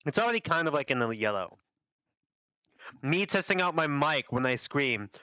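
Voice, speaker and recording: Animated young man reacting with lively swings. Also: fairly high pitch, moderate pace, clear, resonant tone, no echo, dull audio. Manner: animated, swearing, laughing. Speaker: streamer reading a fan visual novel. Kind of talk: casual reaction chat. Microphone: desk mic.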